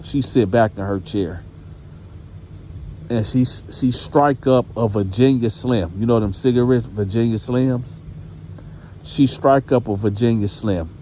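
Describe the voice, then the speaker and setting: A man telling a story in a casual, conversational way, speaking straight to his listeners. He takes his time with each line, in an ordinary mid-range voice. His delivery is animated, with asides to the audience. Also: mid-range voice, a little slow, slight background noise. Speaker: storyteller host.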